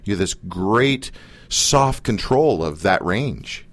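A man's voice: on the low side, expressive, slow pace. A man from Canada hosting a casual radio talk show, teasing and joking with his guest and rambling between thoughts.

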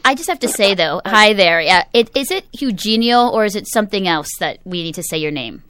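A woman's voice: medium pitch, lively intonation, fairly quick, a bit bright, clear, resonant tone, no room sound, studio quality. A woman co-hosting a radio show, teasing and playful. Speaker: radio co-host. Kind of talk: casual radio chat.

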